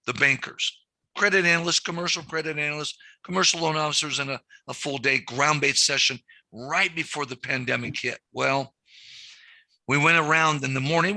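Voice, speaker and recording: Bright, animated male banking trainer. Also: mid-range voice, dry recording. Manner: animated storyteller, acts out quotes. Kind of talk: live training session.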